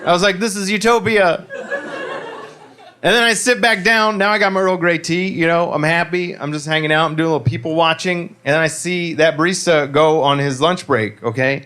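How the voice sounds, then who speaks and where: A man's voice: on the high side, steady tone, brisk, hardly any pauses, bright, forceful tone, clear, resonant tone. Self-deprecating stand-up man, rambling punchlines. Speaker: stand-up comedian. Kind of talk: stand-up set. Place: comedy club stage.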